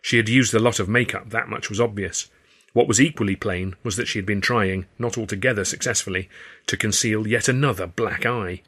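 A man narrating his own novel in the first person, in a wry, measured storytelling manner. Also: fairly low pitch, steady tone, a bit bright, breathy edge. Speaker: author reading his novel.

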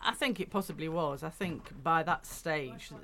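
A woman's voice: deep voice, moderate pace, a crowd in the background. A woman being interviewed as a guest in a radio studio, explaining at length in an earnest way. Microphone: studio microphone.

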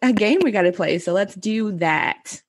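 A woman's voice: mid-range voice, lively intonation, normal speed. A woman in her thirties co-hosting a casual chat, rambling with lots of "like" and frequent laughs. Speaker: podcast co-host.

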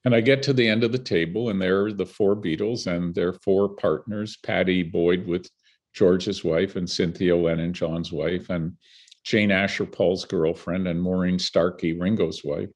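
An older Canadian man, a guest in conversation, tells vivid stories in a low voice at a slightly slow pace. He's animated and laughs between anecdotes.

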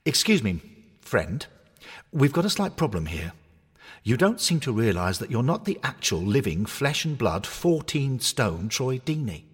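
A man's voice: medium pitch, sing-song, measured pace, slightly rough, dry recording, studio quality, voice pushed up. A man voicing an anxious male cuddly hornet mascot toy who pleads and grumbles. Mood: sarcastic. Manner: fretful, pleading, exasperated.

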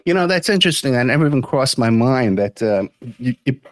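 A man's voice: mid-range voice, lively intonation, brisk. A man hosting a podcast, plugging the show and chatting with guests in a folksy, easygoing way full of fillers. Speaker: podcast host. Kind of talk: casual interview chat.

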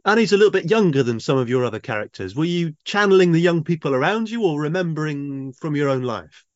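A man's voice: fairly high pitch, lively intonation, quick pace, highs cut off. A man hosting a literary podcast, asking inquisitive and lightly teasing questions. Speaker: podcast host and interviewer. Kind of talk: podcast interview.

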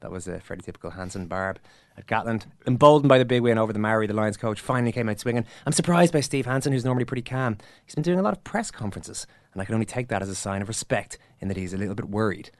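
Irish man, podcast host, fast talker, dry close sound, wry, laughing. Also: on the low side, lively intonation, no room sound. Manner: wry, laughing, mock-dramatic delivery. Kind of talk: casual sports chat.

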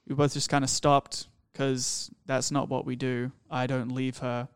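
A man's voice: mid-range voice, little pitch movement, a little slow, clear, resonant tone, no echo. Young aussie guy rambling thru a story, blunt and sweary, dry close sound. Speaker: podcast guest storyteller. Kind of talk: candid personal storytelling.

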